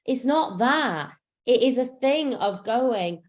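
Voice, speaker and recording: With a fairly high, lively voice at a slow pace, a woman spiritual coach teaches over a video call. Her style is casual and frank, full of filler words, with swearing sprinkled freely throughout.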